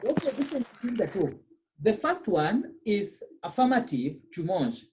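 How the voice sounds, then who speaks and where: A woman's voice: mid-range voice, very animated, moderate pace, noisy background. Patient woman teaching French. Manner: explains patiently, repeats phrases, checks understanding with "okay?". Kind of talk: online class lesson.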